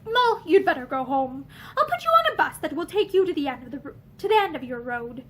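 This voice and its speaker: A brooding young man, gruff and curt, with a bitter, sarcastic edge, as a woman reading a novel puts him on. The voice stays high, with wide swings between low and raised tones. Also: sing-song, fairly quick, a bit bright.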